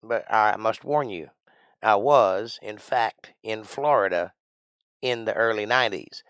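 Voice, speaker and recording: A middle-aged man from Georgia with a Southern accent, chatting playfully and rambling on his livestream, now and then bursting out loud. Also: on the low side, measured pace, smooth, no room sound, clean studio sound. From Georgia, USA. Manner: playful, rambling, jokey with sudden loud outbursts. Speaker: livestream host. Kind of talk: casual livestream chat.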